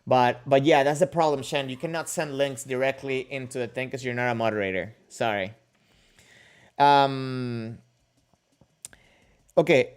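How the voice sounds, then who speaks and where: A man's voice: mid-range voice, measured pace, pauses often, clean tone. A man hosting a casual livestream, answering viewer comments and questions in a rambling, joking way with many restarts. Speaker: kendo livestream host.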